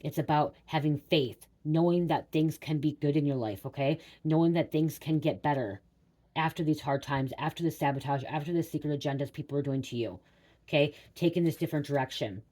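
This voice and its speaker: A woman's voice: deep voice, fairly quick, mellow. A young woman tarot reader rambling through a personal story for her viewers, repeating herself and saying "like" a lot.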